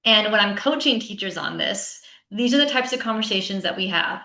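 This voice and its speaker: A woman's voice: mid-range voice, expressive, brisk, pushed and bright. A woman giving a conference talk to teachers as a teacher coach. She speaks conversationally and often checks in with "right?". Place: online session with a chat. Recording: roomy echo.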